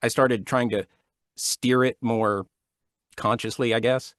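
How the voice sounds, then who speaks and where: A man's voice: medium pitch, slow pace, no echo, studio quality. A man in his thirties, an actor and audiobook narrator, chatting as a guest and telling stories with frequent laughs and restarts. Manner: laughs often, restarts sentences, animated storytelling. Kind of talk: casual interview chat. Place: home studio.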